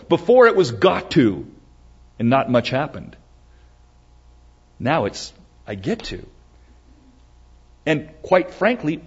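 A man's voice: medium pitch, darkish tone, husky. A man preaching a sermon as pastor, emphatic and repetitive as he teaches. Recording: dull lo-fi recording.

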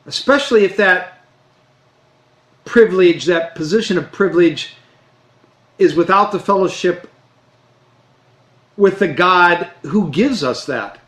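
A man preaching a sermon, earnest and emphatic, slowing down to stress key phrases. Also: high-pitched, animated, fairly bright tone. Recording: roomy echo.

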